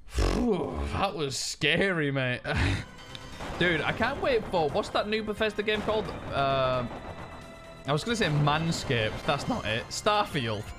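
A man chatting casually and swearing excitably while streaming a video game. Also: a little high, slow pace, over music. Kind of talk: casual gaming stream chat.

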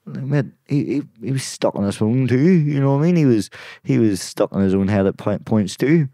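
A man appears as a guest on a podcast, talking casually with plenty of swearing, sudden loud exclamations, and "mate." His voice is lowish, with no echo.

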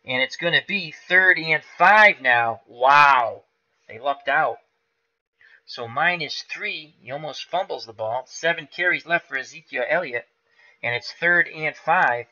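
A man with a slightly high voice hosts a live stream of a tabletop football game, calling each dice roll in casual play-by-play at an unhurried pace. He gets excited at big plays, and the sound is lo-fi.

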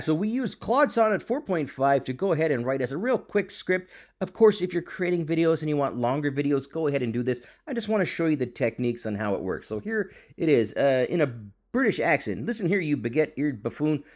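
A man walks viewers through a software tutorial in a casual, hyped-up way. His voice sits a little high and bounces around a lot. He keeps telling them how impressed they should be. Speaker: tech YouTube host. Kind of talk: screen-recorded software tutorial.

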